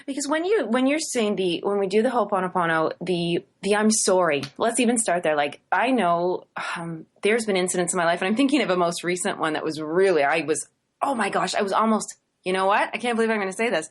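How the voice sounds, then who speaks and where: A woman co-hosting a talk radio show, earnest and effusive, laughing often and slowing down to recite prayer phrases. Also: mid-range voice, expressive. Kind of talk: casual talk-radio teaching.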